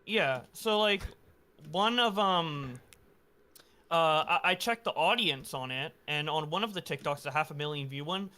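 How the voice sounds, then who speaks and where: Bright-voiced man. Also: fairly high pitch, moderate pace. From Canada. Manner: rambling, many fillers. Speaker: streamer guest. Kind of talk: casual stream chat.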